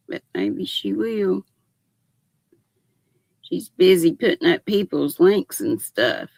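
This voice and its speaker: Chatty older woman, slow and gravelly. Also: mid-range voice, no room sound. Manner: chatty, greets viewers by name. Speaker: livestream host. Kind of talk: casual livestream chat.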